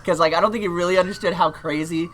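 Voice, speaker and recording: Young man animated storyteller, bright voice. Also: high-pitched, fast talker. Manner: animated storyteller, acts out quotes, laughs often. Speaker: podcast co-host. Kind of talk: casual chat, storytelling.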